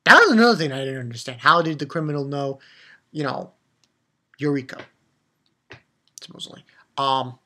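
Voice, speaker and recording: An anime reviewer retells an episode in casual, rambling fashion, often restarting sentences and leaning on fillers. The voice sits at a middle pitch and turns emphatic over the story's emotional moments. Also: expressive, normal speed, pauses often, bright, forceful tone.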